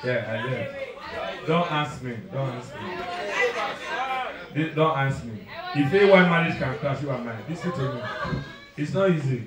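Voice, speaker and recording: A man with a Nigerian accent doing live stand-up and crowd work, loud and teasing, slipping into pidgin as he talks straight to the audience. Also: medium pitch, measured pace, pauses often, far from the mic. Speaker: stand-up comedian. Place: live comedy venue. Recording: echoey venue, mic heard from afar, crowd noise. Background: audience laughing.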